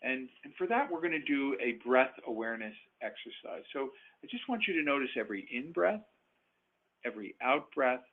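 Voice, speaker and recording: A man presenting a webinar, calmly guiding listeners through breathing and relaxation exercises, with frequent fillers and restarts. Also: mid-range voice, a little fast, slightly rough. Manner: calm, instructive, with fillers and restarts. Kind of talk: guided relaxation instruction. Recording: phone-like narrow band webinar audio.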